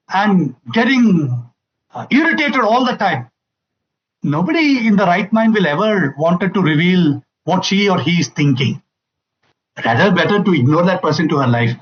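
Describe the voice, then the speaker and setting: A man's voice: high-pitched, lo-fi sound. A man giving an emphatic public talk to an audience, repeating key phrases and acting out quoted lines. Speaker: family seminar speaker.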